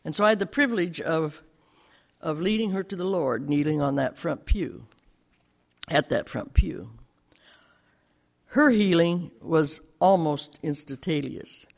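A man's voice: a little high, expressive, a little slow, vocal fry, long pauses. An older man telling a personal testimony to a church congregation, bringing the story to life by acting out the dialogue. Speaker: lay speaker giving a testimony in church.

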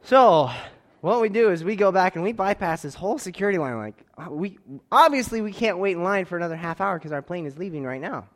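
A man telling a personal story to an audience in an animated way, acting out the dialogue and laughing as he goes. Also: high voice, fairly quick. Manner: expressive, swings between quiet asides and loud outbursts.

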